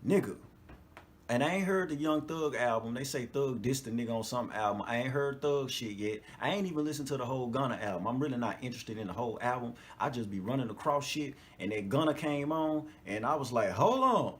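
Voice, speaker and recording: Talking a little fast at a medium pitch, a man hosts a podcast as a loose, foul-mouthed monologue, with slight noise in the background. He's animated, laughs a lot, and constantly checks in with listeners with "you know what I'm talking about."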